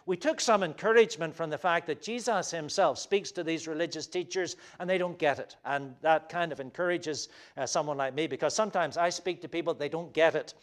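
Man preaching a sermon, slightly high, smooth voice. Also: fairly quick, hardly any pauses. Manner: conversational preaching with frequent fillers and restarts; emphatic when quoting scripture. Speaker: pastor.

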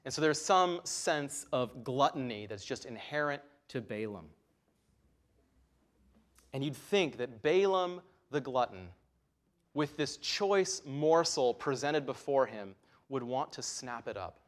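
Male pastor, mid-pitched voice, emphatic sermon delivery. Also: animated, slow. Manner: earnest, emphatic, voice rising and falling for stress. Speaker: preacher.

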